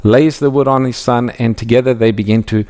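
A man giving an expository Bible teaching in a measured, emphatic way, reading scripture aloud as he goes. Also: mid-range voice, steady tone, darkish tone.

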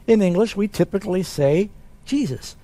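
A man, a pastor, answering Bible questions in a relaxed, conversational way. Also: fairly high pitch, moderate pace.

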